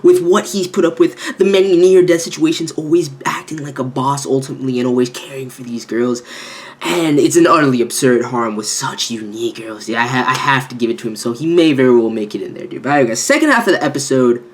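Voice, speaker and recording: A man reviewing an anime episode with hyped, animated energy, swearing freely and jumping into exaggerated quoted reactions. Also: mid-range voice, fast talker. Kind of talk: excited video review commentary.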